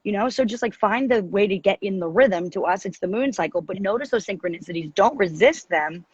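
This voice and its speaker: A woman with a deep, raspy voice co-hosting an astrology podcast, talking in a rambling, animated way and often interrupting herself. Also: brisk, no room sound, highs cut off. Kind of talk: casual spiritual chat. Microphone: video call.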